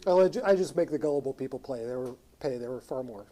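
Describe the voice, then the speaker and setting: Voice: mid-range voice, quick pace, dark tone. A player in a casual tabletop game, throwing in playful quips.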